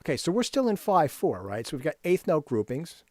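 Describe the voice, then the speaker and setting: A man's voice: a little high, sing-song, fairly quick, darkish tone, dry recording. Dry-voiced man teaching rhythm to composers. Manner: explanatory, scats rhythms aloud, frequent "right?". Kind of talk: screen-share music lesson. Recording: dry close recording with faint music.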